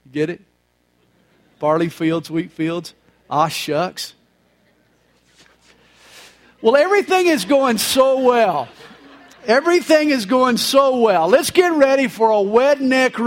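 Punning pastor with a high voice. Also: male voice, sing-song, slow, pauses often. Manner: folksy punning humor. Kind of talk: sermon. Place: church service, live.

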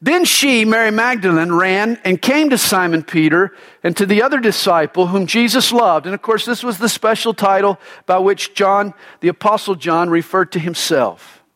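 A male pastor delivering a sermon in an emphatic, dramatic preaching manner, swinging between loud declarations and hushed drops. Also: high voice, moderate pace.

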